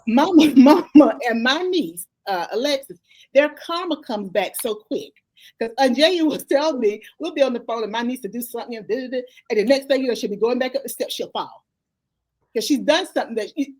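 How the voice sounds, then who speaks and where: A woman's voice: high voice, lively intonation, a little fast, a little mellow. A middle-aged woman, a life coach and author, talking as an interview guest in a folksy, heartfelt way that turns to religious testimony. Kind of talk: emotional conversational interview.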